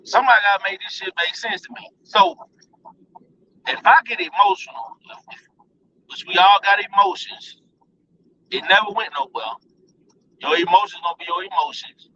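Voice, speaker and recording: A man's voice: sits high, moderate pace, pauses often, pushed and bright, recorded from a distance, lo-fi sound, slight background noise. A man ranting bluntly and profanely to his viewers in a casual vlog. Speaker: vlogger.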